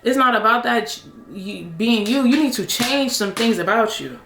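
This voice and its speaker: A woman's voice: on the high side, lively intonation, normal speed, roomy sound, noisy background. A young woman hosting a reaction show, recapping reality TV in casual, blunt, heavily slangy talk full of swearing.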